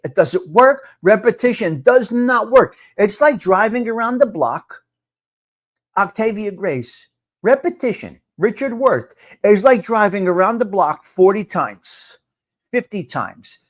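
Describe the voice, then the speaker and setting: An older man hosting a live morning talk stream. He talks loudly and emphatically, greets chat viewers by name and repeats his points for effect. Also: high voice. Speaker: livestream host.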